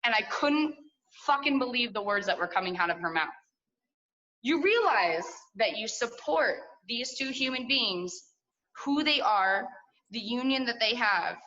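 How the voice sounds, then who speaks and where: Candid young woman with a bright voice. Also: on the high side, animated, a little slow, lo-fi sound. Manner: candid and profane, full of likes and asides. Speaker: storyteller. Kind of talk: personal story at a story slam. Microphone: video call.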